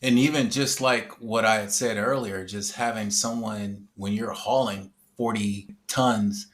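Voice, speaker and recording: A man hosting a podcast who drives trucks, adding his own experience in quick, run-on talk. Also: lowish voice, steady tone, a little hiss or hum. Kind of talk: casual podcast conversation.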